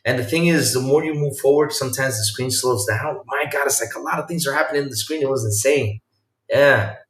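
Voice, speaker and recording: A man hosting a casual podcast chat, telling stories in an animated way that swings from loud to quiet. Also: mid-range voice, fairly quick. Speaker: podcast host. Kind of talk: casual chat with a live chat audience. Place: home room. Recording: roomy sound from a distance off the mic.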